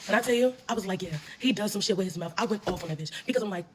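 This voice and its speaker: A woman telling a casual, animated storytime, with plenty of slang and swearing. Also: mid-range voice, very fast, hardly any pauses, slight background noise. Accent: US Southern.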